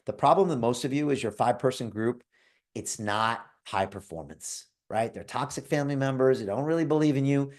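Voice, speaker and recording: A man hosts a live call pitching an investment club, delivering an emphatic motivational talk at a slightly quick pace. He calls on listeners by name and keeps asking "right?"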